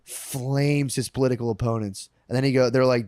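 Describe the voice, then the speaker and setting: Excitable swearing young man, dry mic. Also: mid-range voice, brisk, few pauses, no room sound. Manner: excitable, swears a lot, acts out quoted voices. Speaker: podcast host. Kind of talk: casual comedic chat.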